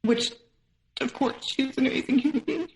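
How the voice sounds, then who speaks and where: Here a podcast guest, a woman in her thirties, tells a heartfelt personal story, briskly performing the lines of the people involved. Her pitch is high. The sound is reverberant and roughly recorded.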